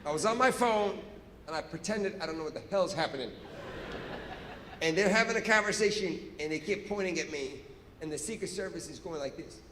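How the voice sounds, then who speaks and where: A man doing stand-up, telling a story in an animated, profane way and acting out scenes on stage. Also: on the high side, fairly quick, slight background noise. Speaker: stand-up comedian. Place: stage in a large hall. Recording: echoey hall with reverb.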